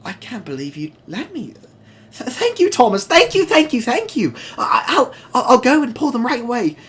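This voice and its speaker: A man's voice: very high-pitched, wildly swooping pitch, brisk, a bit bright, pitched above the performer's own voice, exaggerated voice. A man voicing a timid young female diesel engine who stammers when flustered. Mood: tearful.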